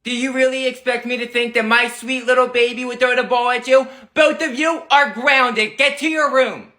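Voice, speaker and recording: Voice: medium pitch, fairly even intonation, moderate pace, pushed and bright, roomy sound, close to an everyday voice. A performer voicing a strict, dramatic mother in a comedy skit who talks in a bossy way. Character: strict mom doting on her youngest.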